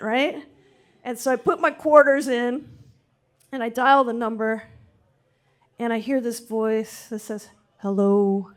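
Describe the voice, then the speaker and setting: A middle-aged woman with a high voice tells a personal story live on stage. She is wry and animated, and she pokes fun at herself as she goes. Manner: wry, animated, self-mocking.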